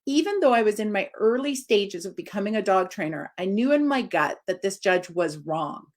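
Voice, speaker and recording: This is a dog trainer in her forties giving a casual live video talk at normal speed. She sounds expressive, her pitch climbing high whenever she wants to stress something.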